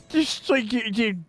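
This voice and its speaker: A man's voice: very high voice, husky, no echo. A man streaming a game, chatting casually with a teammate, swearing and laughing as he retells a fight. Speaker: gaming streamer. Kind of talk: casual chat while playing a game.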